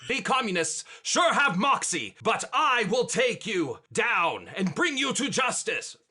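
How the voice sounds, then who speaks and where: A man doing a blustering medieval knight who declaims in thee and thy, with a bright voice that swings widely up and down. The knight is pompous and confused, and he makes grand threats in an audio role-play game. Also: high voice, very animated, a little slow, exaggerated voice.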